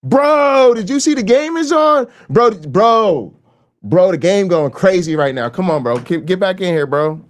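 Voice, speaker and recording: A man acting out an excited young guy loudly calling his buddy back inside. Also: high-pitched, unhurried, voice pushed up. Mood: hyped. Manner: loud, excited, slangy.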